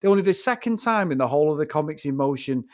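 A man co-hosting a casual film review chat. His voice sits fairly high for a man. He rants bluntly, with plenty of swearing. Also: fast. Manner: blunt, sweary, animated ranting. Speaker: film review podcast co-host.

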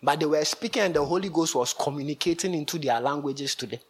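A man preaching a lively sermon, laughing often between lines. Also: on the high side, quick pace, breathy edge.

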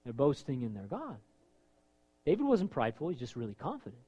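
A man preaching a sermon, emphatic and animated, acting out scripture scenes as he goes. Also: medium pitch, fairly quick, breathy edge, dull audio.

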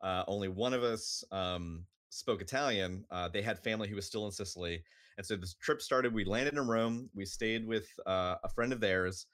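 A man's voice: lowish voice, normal speed, fairly bright tone. A man co-hosting a podcast, telling a travel story in casual chat, with lots of "like" and "um". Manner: rambling with many fillers, like and um. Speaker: podcast co-host.

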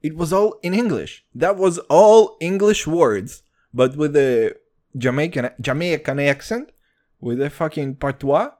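A young man hosting a podcast, talking in a loose, excitable rush and swearing freely. His pitch leaps up and down all the time, and he keeps saying "dude". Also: measured pace. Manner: excitable, profane, says "dude" constantly. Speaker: podcast host. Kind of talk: casual chat.

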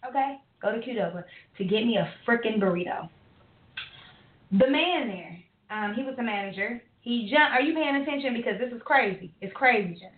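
A fairly high-voiced woman rants through a story, swearing freely and wandering through fillers and asides. Her voice comes over a thin, phone-like line in an echoey room. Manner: animated, profane, rambling with many fillers. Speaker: podcast co-host. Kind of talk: casual ranting storytelling.

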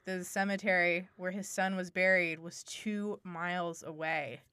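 Bright animated woman telling a story. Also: on the low side, unhurried, smooth, no room sound. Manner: animated, laughs often, uses voices. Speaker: podcast co-host. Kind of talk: casual storytelling chat.

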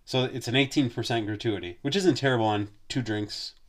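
A man's voice: medium pitch, brisk. Profane, rambling man telling a story. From Wisconsin. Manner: profane, rambling, lots of filler words. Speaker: podcast host. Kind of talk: casual storytelling chat.

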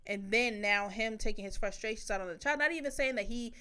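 A middle-aged woman talks casually on a podcast, slipping into little acted quotes as she tells stories. Her voice sits a bit high. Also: fast talker, clear, resonant tone. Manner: animated storyteller, acts out quotes. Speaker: podcast co-host. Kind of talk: casual chat.

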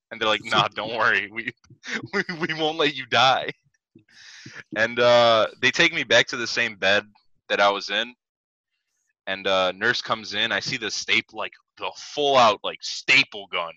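A man's voice: on the low side, pushed and bright, no room sound. A man in his twenties telling a story on a casual podcast, rambling and packed with "like" and swearing. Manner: rambling, heavy "like" fillers, swears. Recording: dull dry lo-fi mic.

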